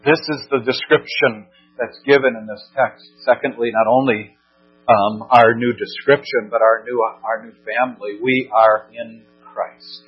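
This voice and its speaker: A man's voice: mid-range voice, steady tone, unhurried, slightly rough. A man preaching a sermon as pastor, earnest and emphatic, repeating phrases and restarting as he builds his points. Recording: dull lo-fi recording with mains hum.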